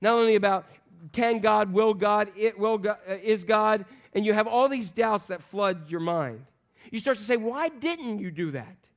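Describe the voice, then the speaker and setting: A man preaching a sermon to a congregation in an animated, joking way, acting out voices of the people in the story. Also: high voice, normal speed. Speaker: pastor.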